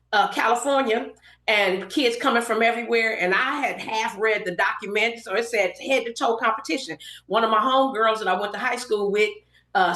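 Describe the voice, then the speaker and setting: A middle-aged woman from Los Angeles, a podcast guest telling a story and acting out the lines of everyone in it. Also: fairly high pitch. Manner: animated storyteller acting out quoted dialogue. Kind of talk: casual storytelling interview. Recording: roomy echoey podcast room.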